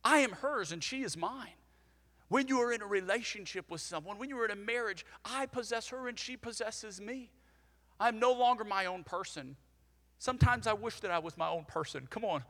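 A young man preaching a sermon, energetic and conversational, leading the congregation to repeat after him. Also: sits high, moderate pace, big-room sound. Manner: energetic, conversational, leads call-and-response. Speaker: pastor.

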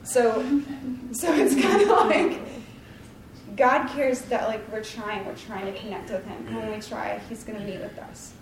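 Unhurried and recorded from a distance, a Bible study leader with a fairly high voice rambles warmly through a casual devotional talk, filled with likes and ums and self-deprecation. The space is roomy and echoey, with a faint ambient hum.

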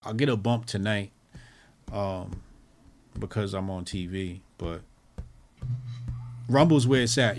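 A man's voice: fairly low pitch, slow, long pauses, darkish tone, faint music behind. A man hosting a commentary show, talking in a loose, rambling way, swearing freely and trailing off into fillers. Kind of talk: casual profane commentary.

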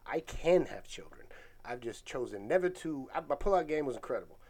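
A man's voice: medium pitch, brisk. A man in his forties, a guest comedian, telling stories in a casual, laughing way on a talk show. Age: 40s. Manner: animated, laughing, lively storyteller.

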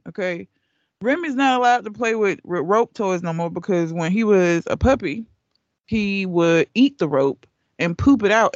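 A woman's voice: medium pitch, dry recording, highs cut off. A woman co-hosting a casual podcast, telling stories in a blunt, profane way. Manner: blunt, profane, animated storyteller. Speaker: podcast co-host.

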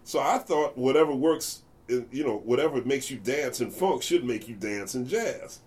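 Here the American jazz bassist guest talks at a moderate pace in a mid-range voice. In this laid-back interview he narrates animatedly, doing impressions of the people he's describing.

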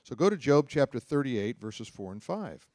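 A man preaches a sermon with a medium-pitched, very animated voice at normal speed, slightly mellow in tone. He reads scripture aloud, explains it conversationally, and often puts questions to his listeners. The studio recording is clean with no echo.

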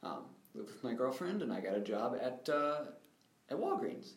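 A man's voice: medium pitch, very animated, normal speed. A young man, a guest in an interview, recounting his life story in an earnest, reflective way. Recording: roomy echo.

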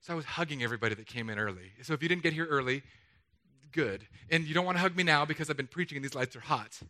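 A pastor in his thirties delivers a sermon from a church stage, his voice high and pushed hard with a bright, tense edge. He is animated and playful, slipping into voices for the quotes and cracking jokes with the crowd. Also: rapid-fire. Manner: animated, jokey, acts out the quotes he reads. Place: church stage under hot lights.

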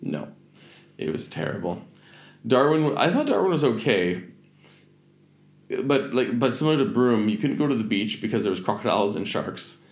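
A man's voice: mid-range voice, big pitch swings, normal speed, long pauses. A Canadian man telling travel stories in a casual chat, rambling, correcting himself, and swearing freely.

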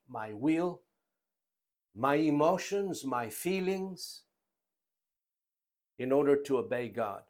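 A man preaching a sermon, emphatic, with his loudness rising and falling and his phrases slow and deliberate. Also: medium pitch.

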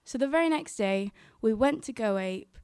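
A woman's voice: a little high, animated, normal speed, darkish tone, clean tone, no echo, clean studio sound. A young woman telling a personal story on stage, chatty and quoting her own thoughts.

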